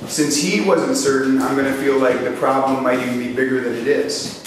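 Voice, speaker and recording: A sales trainer, a man with a medium-pitched voice speaking at a normal speed, teaches a live seminar and tells lively stories. He acts out voices and puts questions to his audience. The mic sits at a distance in an echoey hall, and there's noise in the background.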